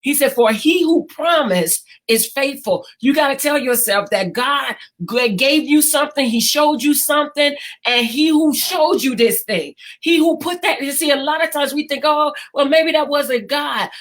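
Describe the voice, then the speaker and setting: Woman preacher with a high voice, passionate and repetitive, building to shouts. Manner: impassioned, repetitive preaching with slow emphatic quotes and some shouting. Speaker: prophetess. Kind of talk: prophetic sermon delivered live online.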